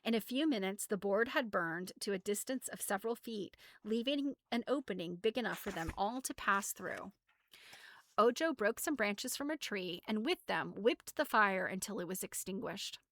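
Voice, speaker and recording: A woman reading a classic storybook aloud in an expressive, animated way. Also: medium pitch, moderate pace, dry recording, studio quality. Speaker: audiobook reader. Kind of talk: storybook narration.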